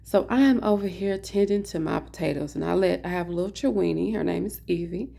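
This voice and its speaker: A woman vlogger telling a funny story in a casual, animated way, calling her viewers "honey" as she talks from an indoor office. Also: fairly low pitch, a little fast, vocal fry.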